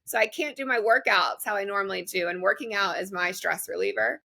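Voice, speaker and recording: A woman's voice: mid-range voice, fairly quick, gravelly, pushed and bright. A young woman co-hosting a podcast, chatting casually and often laughing as she talks. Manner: chatty, laughs while talking. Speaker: podcast co-host. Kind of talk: casual chat.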